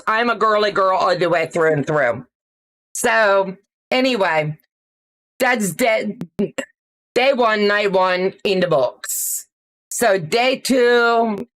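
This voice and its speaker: Medium in pitch and fairly bright, this middle-aged woman's voice carries a chatty story on her livestream. She laughs often and welcomes viewers by name.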